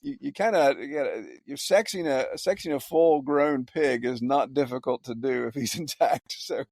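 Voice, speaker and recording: A man, a farmer guest on a podcast, telling stories in a halting way with many repeated words. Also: mid-range voice, darkish tone, dry recording, clean studio sound. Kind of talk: casual podcast interview.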